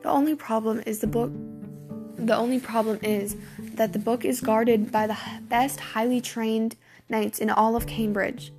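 A woman's voice: on the high side, fairly even intonation, moderate pace, music in the background, close to an everyday voice. Woman reading a wise, earnest mother. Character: Cinderella's mother, gentle, wise and urgent.

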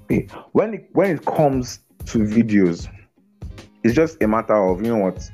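A man speaking as a guest in a casual interview over a video call, energetic, often repeating words and laughing. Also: medium pitch, normal speed, soft background music. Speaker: guest on a business podcast.

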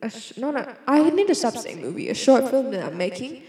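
A young woman with an Australian accent talks in a loose, rambling monologue, breaking off and restarting her thoughts with a giggly, scattered manner. Her voice is fairly high yet mellow, and it rings out in a room with a long, echoey tail. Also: very animated, fairly quick. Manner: giggly, scattered, self-interrupting. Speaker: vlogger.

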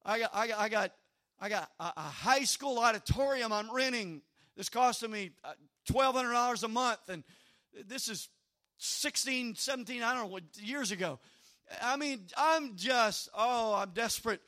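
A middle-aged man, a pastor preaching a sermon, telling a personal story in an animated way and often repeating his words. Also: very high voice, normal speed.

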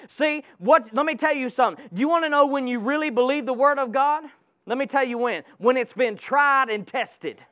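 A man's voice: very high-pitched, fairly bright tone. A man preaching a sermon with passion, calling out to his congregation. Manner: impassioned, calls out to the congregation.

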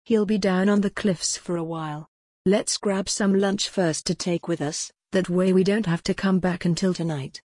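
A woman voicing a sensible boy who plans ahead in a storybook, calm and practical. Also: lowish voice, moderate pace, no room sound, studio quality, natural voice.

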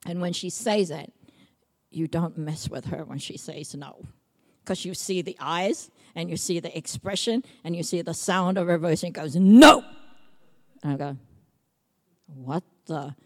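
A woman's voice: lowish voice, fairly even intonation, moderate pace, darkish tone. A middle-aged woman from Samoa, preaching a sermon as pastor in an emphatic, repetitive way.

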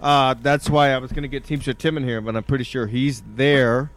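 A man hosting a crude, casual talk show, teasing his guest in a mock-serious way, his voice sometimes cracking when he gets excited. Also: mid-range voice, brisk.

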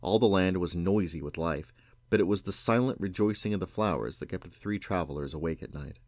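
A man reading a novel aloud to his children at bedtime, in a gentle storytelling way. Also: deep voice, a little fast, no room sound.

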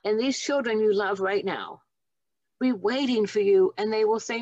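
A woman's voice: medium pitch, moderate pace, a little mellow, dry recording. A woman in her seventies speaks as an interview guest, sharing her memories in a heartfelt and reflective way. The sound is close and dry, and a little dull and muffled. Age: 70s. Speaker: guest, nurse and author. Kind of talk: storytelling interview.

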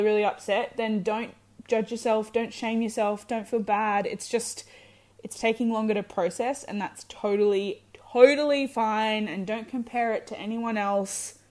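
A woman's voice: fairly high pitch, mellow. Frank young woman giving heartfelt advice. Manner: frank, swears freely, encouraging. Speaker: vlogger giving breakup advice. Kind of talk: candid direct-to-camera advice.

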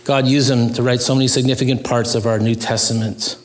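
A man's voice: medium pitch, flat delivery, brisk, slight background noise. A male pastor preaching a sermon in an earnest, pleading manner, his voice rising when he stresses a point.

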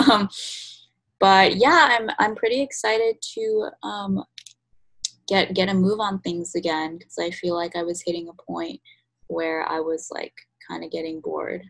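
A woman's voice: medium pitch, fairly even intonation, measured pace, vocal fry, a bit bright, low-quality recording. A young adult woman co-hosting a podcast in casual chat, chatty with lots of ums and likes. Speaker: podcast co-host.

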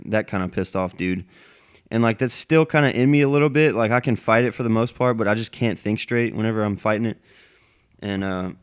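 A man with a fairly low, clean and resonant voice tells a long personal story into his microphone. He rambles, swears constantly and talks with heated frustration. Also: clear, resonant tone. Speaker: military veteran telling a personal story. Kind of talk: casual storytelling monologue. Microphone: plug-in microphone.

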